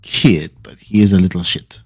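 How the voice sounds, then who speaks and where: A man's voice: deep voice, steady tone, normal speed, a bit bright, husky, pitched below the performer's own voice. A man playing a shrewd, easygoing fixer. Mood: fatherly. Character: calm, shrewd older male fixer and uncle figure.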